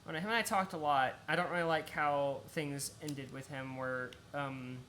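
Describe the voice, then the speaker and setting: A woman's voice: deep voice, fairly even intonation, moderate pace, fairly bright tone, a little hiss or hum. A young Australian woman streaming a game, chatting casually, swearing freely and laughing often. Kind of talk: casual chat while gaming.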